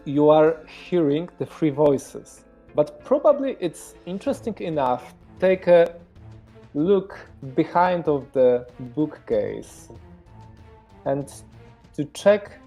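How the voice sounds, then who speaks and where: A man's voice: fairly high pitch, expressive, slow, dark tone, faint music behind. A man with a Polish accent narrating as game master of a horror tabletop game, hesitant and full of fillers. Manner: hesitant, many fillers, searching for words.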